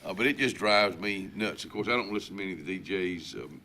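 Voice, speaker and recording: A man with an Alabama Southern drawl hosts a morning talk show in casual chat. He rambles folksily, full of fillers and restarts, and his fairly low voice has a bright, forceful edge. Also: fast, a little hiss or hum.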